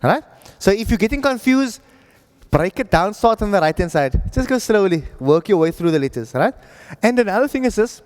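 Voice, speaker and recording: Patient high-voiced male teacher, echoey room. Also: lively intonation, a little fast, darkish tone. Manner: patient, checks in with students often. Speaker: Arabic reading teacher. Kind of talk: classroom lesson.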